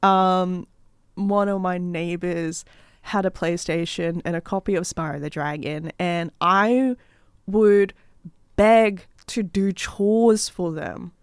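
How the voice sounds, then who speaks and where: Animated woman radio co-host. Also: lowish voice, takes it slowly, clear, resonant tone, dry recording, clean studio sound. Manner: animated, laughs often while telling stories. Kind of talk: casual chat.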